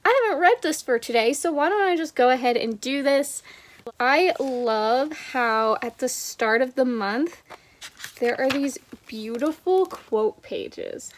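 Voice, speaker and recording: A young woman talking through her month of reading in a casual home vlog, chatty and expressive, reading short passages aloud softly. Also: sits high, unhurried. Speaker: book vlogger.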